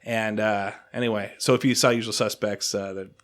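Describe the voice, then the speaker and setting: A man hosting a podcast, telling a long story in casual chat, animated and self-deprecating, acting out what people said. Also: fairly low pitch, a little fast. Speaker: podcast host.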